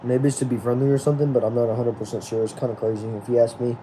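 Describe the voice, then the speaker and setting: An American man hosts a casual live stream, reading viewer comments in a mid-range, dark-toned voice that's flat yet racing, with slight background noise. He's tired and sleepy but chatty, greeting viewers by name and asking for comments.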